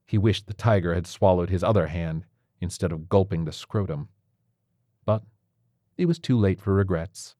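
Man with a low, dry reading voice. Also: normal speed, warm tone, dry recording. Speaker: narrator. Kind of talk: scripted fiction reading.

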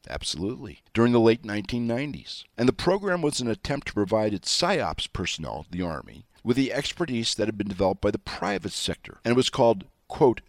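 A man's voice: deep voice, dry recording, studio quality. A middle-aged man hosting a talk show, delivering an emphatic monologue with sarcastic asides and spelled-out words. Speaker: show host.

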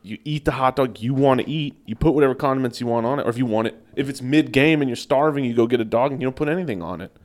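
A man's voice: mid-range voice, racing, few pauses, darkish tone. Man, young adult, podcast co-host, earnest, insistent, casual debate. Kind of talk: casual comedic banter.

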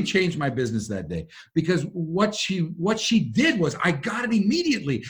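Animated man telling stories. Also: fairly high pitch, normal speed, hardly any pauses. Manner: animated, acts out quoted voices. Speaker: guest. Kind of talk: conversational storytelling.

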